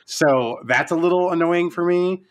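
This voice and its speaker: A man co-hosting a casual show review, talking in an animated way, swearing and acting out scenes. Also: high voice, moderate pace. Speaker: podcast co-host. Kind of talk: casual chat reviewing a TV series.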